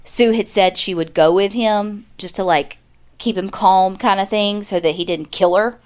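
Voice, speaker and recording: A woman recounting a crime case in relaxed conversational podcast talk. She keeps the story moving with quoted lines and offhand asides, and her pitch sits in an ordinary middle range. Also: normal speed, clear, resonant tone. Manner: chatty, retells events with quoted dialogue and asides. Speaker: podcast co-host. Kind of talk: casual true-crime storytelling.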